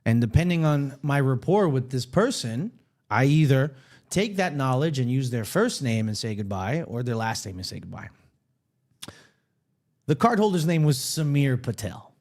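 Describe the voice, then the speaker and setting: A man's voice: medium pitch, moderate pace. A man co-hosting a podcast, telling a story in a casual way and acting out the other people's lines. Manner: animated, acts out quoted voices. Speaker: podcast co-host.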